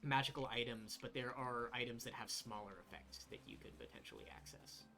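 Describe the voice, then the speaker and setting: A man narrating a tabletop role-playing game as game master, relaxed and descriptive with frequent fillers. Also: mid-range voice, a little fast, creaky, faint music behind.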